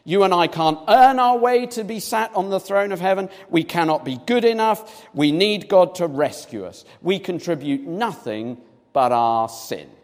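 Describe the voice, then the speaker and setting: A man preaching a sermon, animated, acting out little scenes in different voices as he reads and explains. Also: high voice, moderate pace. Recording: long reverb of a large hall.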